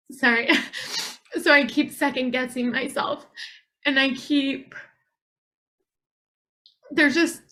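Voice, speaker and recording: A woman's voice: sits high, sharp tone. A woman on a group video call who shares her doubts in a rambling, hesitant way, full of fillers. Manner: rambling, hesitant, self-questioning, many fillers. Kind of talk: casual personal sharing.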